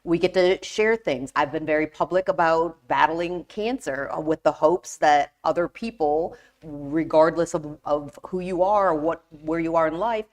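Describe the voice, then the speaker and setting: A middle-aged woman co-hosting a casual talk show, animated and quick to jump in. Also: low-pitched. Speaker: co-host.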